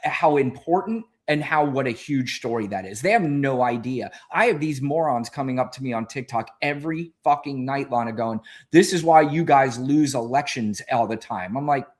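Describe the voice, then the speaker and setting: A man's voice: mid-range voice, normal speed, few pauses. A man co-hosting a political talk show, heated and profane in casual conversation. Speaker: podcast co-host.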